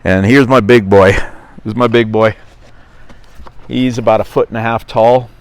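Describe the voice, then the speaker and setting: A man's voice: fairly low pitch, steady tone, measured pace. A middle-aged man from Norway with a Norwegian accent, chatting casually and rambling on his vlog, often correcting himself. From Norway (Stavanger). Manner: rambling, self-correcting, chuckling. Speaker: vlogger.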